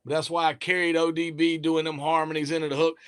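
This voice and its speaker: A man's voice: fairly high pitch, flat delivery, fast talker, smooth. A man, a rapper being interviewed, talking eagerly in a casual chat, rambling and trailing off mid-thought.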